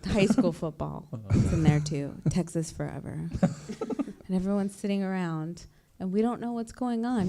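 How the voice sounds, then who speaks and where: A woman's voice: fairly low pitch, dark tone, a little hiss or hum. A woman improvising a rambling comic story as a show guest, laughing along as she goes.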